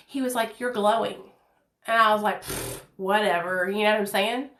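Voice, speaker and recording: A woman's voice: mid-range voice, normal speed, a bit bright, roomy sound. A woman in her thirties telling her own life story to viewers in a candid, earnest way, talking from her kitchen at home. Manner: candid, earnest, addresses viewers as "you guys". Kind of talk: personal storytime.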